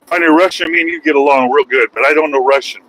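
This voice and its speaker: A man's voice: a little high, quick pace, fairly bright tone, poor audio. A man vlogging while driving his truck, rambling in a folksy, self-mocking way. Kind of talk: casual driving vlog. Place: truck cab on highway.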